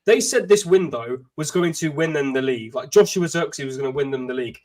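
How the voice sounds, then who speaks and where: A man hosting a casual football chat, talking in animated bursts. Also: fairly high pitch, fast talker. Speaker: channel host.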